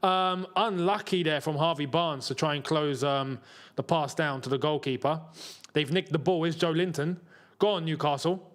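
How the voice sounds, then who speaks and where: A young man hosting a live football watchalong, chatting casually and getting excited as chances come. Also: moderate pace. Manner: excitable, chatty, jumps to a high pitch when chances come. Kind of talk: live match watchalong commentary.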